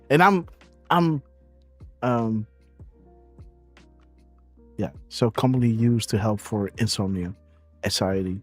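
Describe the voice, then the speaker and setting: A man's voice: medium pitch, takes it slowly, long pauses, husky, dry recording, faint music behind. A man hosting a live stream, chatting casually in a rambling way, with many fillers and frequent laughs. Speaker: show host.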